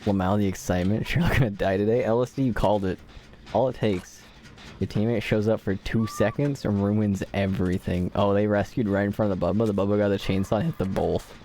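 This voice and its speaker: A man's voice: lowish voice, steady tone, a little fast, mellow. A man streaming a video game, giving live commentary in a joking, mock-dramatic way and talking to the characters on screen.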